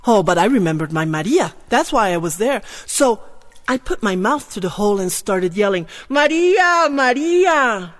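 A woman telling a first-person tale with strong expression, moving from hushed to loud with drawn-out repetitions. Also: mid-range voice, lively intonation. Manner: drawn-out repetitions and soft exclamations. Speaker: storyteller. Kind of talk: dramatic first-person storytelling.

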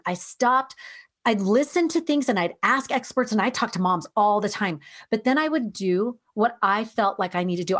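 A woman's voice: fairly high pitch, a bit bright. Earnest, storytelling middle-aged woman. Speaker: podcast guest. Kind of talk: casual conversation.

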